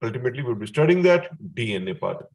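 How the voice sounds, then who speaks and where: A man's voice: mid-range voice, very animated, quick pace, creaky, darkish tone. Indian man teaching chemistry. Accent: Indian English. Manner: checks in with the student often, chuckles at his own remarks. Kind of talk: explanatory classroom lecture.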